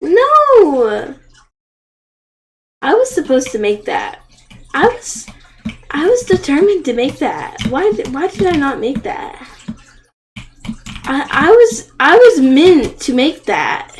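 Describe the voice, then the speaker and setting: A woman's voice: high voice, very animated, measured pace, poor audio. A young woman streaming a game live, gasping and crying out at the game, then rambling to her viewers.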